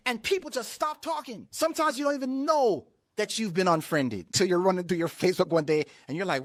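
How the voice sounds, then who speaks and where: Passionate pastor, animated pitch, stumbling restarts, dry close-miked sermon delivery. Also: a little fast, hardly any pauses, no room sound. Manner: impassioned, repeats words and restarts lines; acts out others' words in quoted voices.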